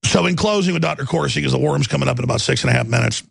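Man, talk radio host, ranting, raspy, dry close sound. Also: mid-range voice, racing, no room sound. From Texas. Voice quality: gravelly. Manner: ranting, rising to shouts, stammering restarts. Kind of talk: heated talk radio monologue.

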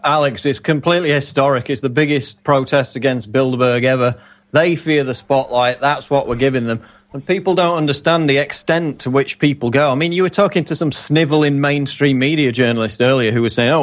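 A man's voice: mid-range voice, fairly even intonation, brisk. A man giving commentary on a talk show as correspondent, indignant and emphatic.

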